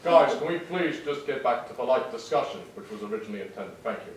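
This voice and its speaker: A student actor playing a deep-voiced, formal Sith lord in a comedy sketch. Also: expressive, fast, a little hiss or hum, lightly acted. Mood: prim. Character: stern male Sith lord. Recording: echoey hall from far off.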